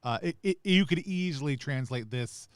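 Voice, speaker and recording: A man's voice: a little high, animated, moderate pace, clean tone, no echo. A man hosting a casual live interview, passing on a viewer's question in a conversational way. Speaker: host.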